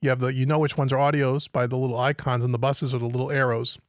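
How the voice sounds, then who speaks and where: On a live stream from his home studio, a man walks through recording software, thinking aloud and puzzling over what appears on his screen. His medium-pitched voice is flat and fast, with no echo and studio-quality sound.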